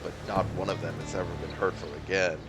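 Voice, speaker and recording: Man reading formal mercenary, measured, low voice, music underneath. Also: flat delivery. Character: formal male mercenary soldier.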